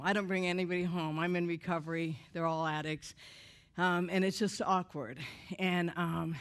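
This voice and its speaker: A woman tells a humorous personal testimony to a church audience, in a lively way, acting out the voices of the people in her story. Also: lowish voice, normal speed. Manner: animated, humorous, acts out quoted voices. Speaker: speaker giving a personal testimony. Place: church event before an audience.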